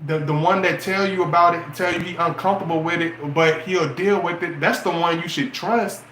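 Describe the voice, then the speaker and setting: Preachy high-voiced man vlogger. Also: moderate pace, roomy sound, slight background noise. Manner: preachy, animated, full of rhetorical questions. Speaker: relationship and astrology vlogger. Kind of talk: casual advice monologue.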